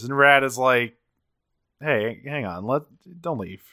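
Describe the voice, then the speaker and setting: A man chatting on a podcast in a loose, profane, joking way, with quick put-on quotes from the episode. His voice sits mid-pitch and sounds dry and close, with no room around it. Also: bright, forceful tone, no echo. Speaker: podcast co-host. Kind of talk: casual recap chat.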